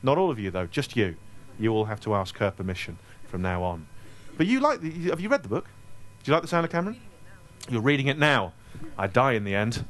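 A man's voice: medium pitch, sing-song, brisk, fairly bright tone, a little hiss or hum. A man from Scotland, an author answering audience questions in a casual Q&A, joking and self-deprecating with rambling asides, speaking into a handheld microphone. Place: store event space with a live audience.

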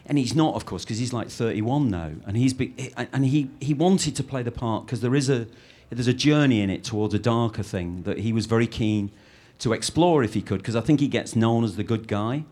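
A middle-aged man from Britain talks through his films as an interview subject. He rambles, breaks off and restarts his sentences, and keeps up a lively flow. His voice sits at an ordinary pitch for a man. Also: a little fast. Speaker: film director. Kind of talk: interview answers.

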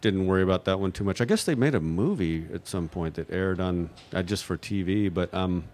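A man from New Mexico with a fairly low voice, fielding questions from an audience. He rambles, stalls on fillers, and restarts his sentences often. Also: a little fast, darkish tone. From New Mexico, USA. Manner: hesitant, full of fillers and restarts. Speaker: guest at audience Q&A. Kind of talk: rambling unscripted answers.

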